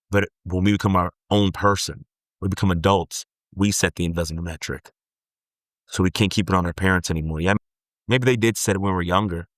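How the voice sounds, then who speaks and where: A man's voice: low-pitched, no room sound, clean studio sound. A man giving an earnest motivational self-help talk, pleading and repeating points for emphasis.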